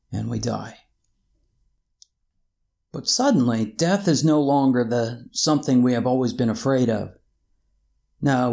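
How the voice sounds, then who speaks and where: A man's voice: mid-range voice, gravelly. A man preaching a reflective sermon and asking his listeners rhetorical questions.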